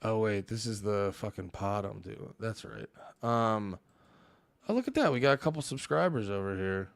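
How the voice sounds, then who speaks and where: A man's voice: on the low side, animated, normal speed, creaky, no room sound. A young man hosting a livestream, ranting and swearing heavily as he talks back to his chat. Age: young adult. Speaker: livestream host. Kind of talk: casual stream commentary reacting to chat.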